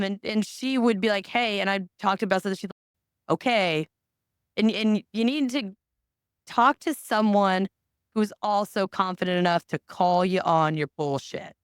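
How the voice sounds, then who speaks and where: Woman podcast host, candid and foul-mouthed, clear tone, dry close mic. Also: mid-range voice, no room sound. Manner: blunt, candid, swears freely. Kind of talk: casual chat.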